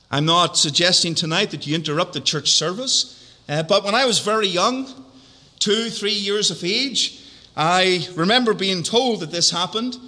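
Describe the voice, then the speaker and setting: Male preacher, high, piercingly bright voice, deliberate emphatic sermon delivery, echoing church hall. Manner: measured, emphatic repetitions, drawn-out key words. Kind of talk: evening sermon. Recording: long hall reverb.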